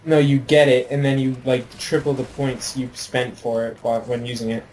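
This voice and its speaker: An American man from the United States chats loosely while playing a game, acting as a co-commentator with easygoing, rambling explanations. His medium-pitched voice is a little mellow, with little pitch movement and a moderate pace, on a rough recording with slight background noise.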